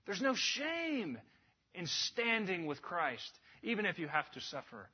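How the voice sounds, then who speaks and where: A man delivers a sermon with earnest emphasis, his voice sitting a little high and carrying a husky edge. He lifts into urgent passages and then drops to a hush. The recording sounds dull and lo-fi. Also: huge pitch swings, unhurried. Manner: earnest, emphatic, with sudden rises and hushed drops. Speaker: preacher.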